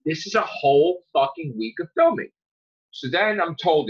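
A man hosting a podcast, ranting angrily with lots of swearing and sudden loud outbursts. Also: fairly high pitch, wildly swooping pitch, moderate pace, creaky, breathy edge. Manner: heated, profane, jumps to loud outbursts. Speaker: podcast host. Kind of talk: angry podcast rant. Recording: dull lo-fi sound.

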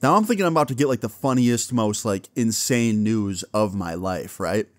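Young male vlogger, storytime, animated delivery with lively pitch, dry close sound. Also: moderate pace, no echo. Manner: animated, acts out dialogue, swears casually. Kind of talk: casual storytelling.

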